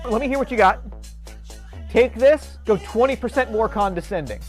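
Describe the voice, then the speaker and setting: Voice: medium pitch, expressive, quick pace, faint music behind. A performer in a comedy sketch, coaching someone in a pushy, upbeat way.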